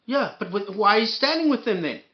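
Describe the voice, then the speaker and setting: A man's voice: high voice, lively intonation, fast. Guy ranting and cussing on his commentary show, stammery, muffled audio. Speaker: commentary host. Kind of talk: angry reaction commentary.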